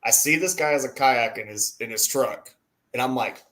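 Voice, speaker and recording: A man's voice: medium pitch, moderate pace, pushed and bright, slight background noise. A man co-hosting a casual talk stream, telling a story with lots of laughs and acted-out quotes. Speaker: co-host. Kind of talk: casual chat.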